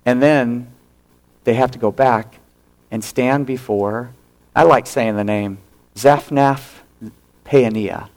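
A male pastor preaching a sermon, retelling a story with animated acted-out quotes and hushed drops for emphasis. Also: medium pitch, slow pace, long pauses.

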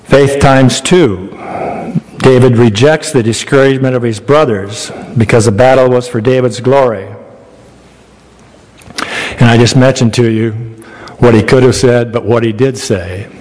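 A man's voice: mid-range voice, fairly even intonation, normal speed, darkish tone, in a large hall, rough recording. A man preaching a sermon, retelling a Bible story in a folksy, conversational way and asking his listeners questions.

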